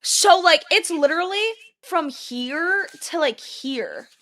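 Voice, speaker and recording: A young woman co-hosting a podcast, telling a story in casual chat and acting out her own past yells. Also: extremely high pitch, animated, slow. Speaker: podcast co-host.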